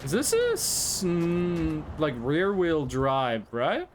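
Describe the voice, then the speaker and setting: Young Norwegian male streamer, high and animated, rambly and chatty with his viewers. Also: takes it slowly, a little hiss or hum. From Norway. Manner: rambling, chatty, talks straight to chat. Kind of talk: casual live-stream chat while gaming.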